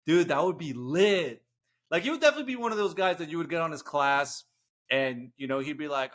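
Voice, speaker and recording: A young man co-hosting a casual sports podcast, joking and slipping into quick impressions as he tells stories. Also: a little high. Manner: animated, jokey storytelling with quick bits of mimicry. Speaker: podcast co-host.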